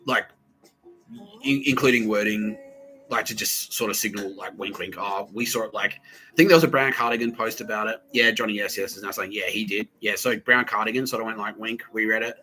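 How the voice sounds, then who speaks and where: A man's voice: fairly low pitch, fairly quick, sharp tone, low-quality recording. A man hosting a podcast, telling a rambling personal story full of swearing, fillers and nervous laughs. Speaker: podcast host.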